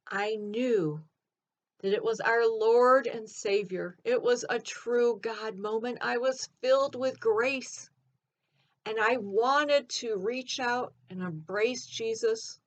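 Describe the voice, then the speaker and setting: A woman playing Mary Magdalene, telling her own story in an earnest, expressive first-person monologue. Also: a little high, takes it slowly, dull audio.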